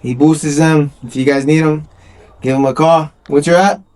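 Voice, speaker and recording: A man's voice: fairly high pitch, fairly even intonation, moderate pace, darkish tone. A man hosting a casual podcast in a car garage, laid-back and calling everyone "bro". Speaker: podcast host. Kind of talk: casual chat.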